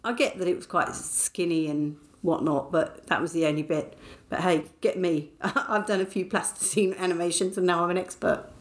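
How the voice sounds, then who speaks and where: A middle-aged Englishwoman hosts her podcast in a casual, diary-like chat, often laughing and poking fun at herself. Her voice is fairly low, with fairly even intonation and a normal speed.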